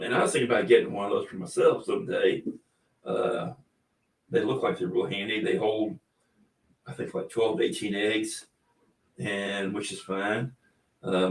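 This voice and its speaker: A low-voiced man chats casually on his livestream, easygoing and rambling, with frequent chuckles. He sits a little back from the mic in an echoey indoor room. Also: vocal fry, distant mic. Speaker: livestream host.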